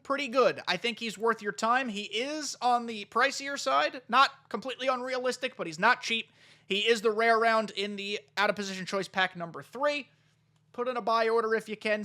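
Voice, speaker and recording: A man giving excitable, chatty live commentary on his own baseball video game play, talking straight to his viewers. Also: high-pitched. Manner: excitable, chatty, talks to chat. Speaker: gaming YouTuber.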